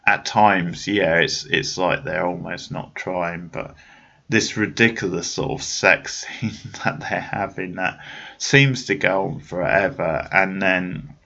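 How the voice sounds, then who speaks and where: A man's voice: sits low, fairly even intonation, slow, vocal fry, sharp tone, dull audio. A man hosting a podcast, chatting casually about a film in a rambling way, with many restarts and fillers. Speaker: podcast host. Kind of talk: casual film review chat.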